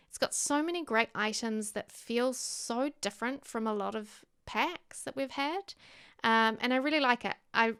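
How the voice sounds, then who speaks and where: Casual New Zealand woman, chatty voice-over, smooth with gravelly fry, pitched a bit high. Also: a bit bright. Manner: chatty, meandering, many ums and likes. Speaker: Sims builder and streamer. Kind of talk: casual build commentary voice-over.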